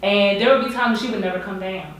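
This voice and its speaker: A young woman telling a personal story in a casual group discussion, animated and laughing often. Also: medium pitch, quick pace. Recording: echoey room, mic far off.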